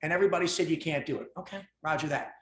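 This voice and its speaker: A man with a fairly high voice tells his story with intense, animated energy. He swears freely and leans into every phrase. The room around him rings with echo. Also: racing. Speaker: podcast guest. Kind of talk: storytelling in casual conversation. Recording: roomy echo.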